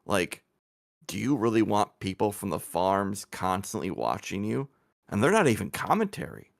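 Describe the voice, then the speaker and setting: Man, low voice, gravelly, scolding, rhetorical questions. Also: sing-song, moderate pace, dry recording, studio quality. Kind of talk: livestream commentary.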